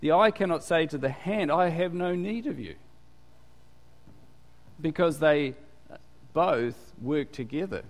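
A man gives a relaxed, talky sermon in a church, asking his congregation questions as he goes. His voice sits a little high for a man. The sound rings with the long reverb of a large hall. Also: takes it slowly, pauses often. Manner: chatty, quizzes the congregation. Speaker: pastor. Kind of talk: conversational sermon.

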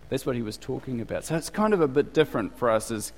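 A male preacher with a New Zealand accent gives a chatty, conversational sermon and keeps asking his listeners questions. His voice sits at an ordinary pitch, neither high nor low. The room has a long, hall-like reverb. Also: animated, quick pace, few pauses, a little mellow, a little hiss or hum. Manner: chatty, asks the congregation questions.

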